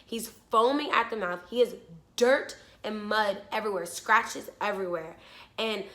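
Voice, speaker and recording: A woman's voice: mid-range voice, normal speed, fairly bright tone. A young woman vlogger animatedly retelling a frightening story, swearing freely and talking breathlessly. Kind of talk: storytime vlog.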